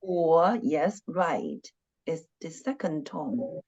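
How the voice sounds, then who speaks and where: A woman teaching an online language lesson, talking slowly and patiently and repeating syllables and tones again and again. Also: low-pitched, expressive, darkish tone, dull audio. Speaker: Chinese teacher.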